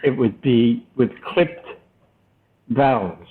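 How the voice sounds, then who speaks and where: Speaking slowly at a medium pitch, an older man from the United States reflects on his past as an interview guest, restarting hesitantly as he tells his stories. The audio carries phone-line tinniness and a little hiss or hum.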